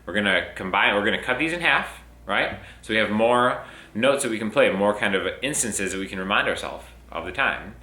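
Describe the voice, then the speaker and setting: A man's voice: fairly low pitch, lively intonation, fairly quick, bright, forceful tone. A young man teaching a casual guitar lesson in an upbeat way, counting beats aloud while he plays. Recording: roomy with guitar playing.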